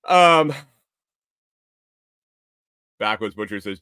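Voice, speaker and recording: Profane, animated male vlogger. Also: on the low side, measured pace, long pauses, smooth, dry recording, studio quality. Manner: profane, rambling, exasperated. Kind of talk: casual storytelling.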